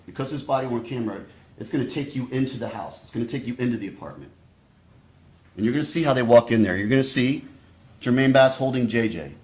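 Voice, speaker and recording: A man giving a prosecutor's opening statement to a jury, speaking deliberately and straight to the jurors. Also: medium pitch, darkish tone. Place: courtroom. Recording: echoey courtroom audio.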